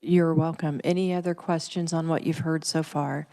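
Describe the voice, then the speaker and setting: A woman chairing a committee hearing, brisk and procedural as she recognizes members. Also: low-pitched, steady tone, warm tone.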